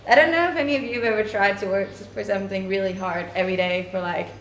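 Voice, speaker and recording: A woman's voice: medium pitch, fast, a little hiss or hum. A woman streamer chatting casually with her viewers, bubbly and thankful. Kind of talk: casual live-stream chat. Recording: echoey room with faint ambience.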